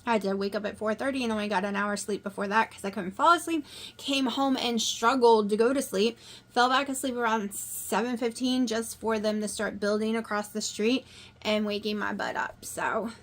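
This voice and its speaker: A woman chatting casually to her viewers while cooking at home, excitable and rambling, talking into a clip-on mic. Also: a little high. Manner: rambling, excitable, talks fast in bursts. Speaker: vlogger. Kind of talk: casual vlog chat. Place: home kitchen, cooking at a griddle. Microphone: new clip-on wireless mic, sometimes clipped to the stove away from her.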